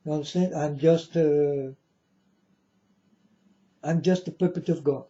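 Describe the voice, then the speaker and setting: Slow, dark-voiced man preaching to viewers. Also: fairly high pitch, fairly even intonation, muffled recording. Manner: slow, repetitive, keeps asking "you understand?". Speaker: channel host. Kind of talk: religious monologue to viewers.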